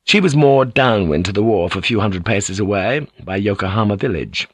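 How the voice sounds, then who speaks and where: A man reading an audiobook aloud in a measured, dramatic storytelling manner, recorded in a studio. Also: fairly low pitch, expressive, breathy edge, no room sound. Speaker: audiobook narrator. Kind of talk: scripted audiobook narration.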